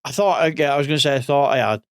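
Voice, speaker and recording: A man's voice: medium pitch, racing, no echo, studio quality. A man in his forties giving casual gaming commentary as a streamer, rambling and thinking aloud, a bit sleepy. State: sleepy, yawning.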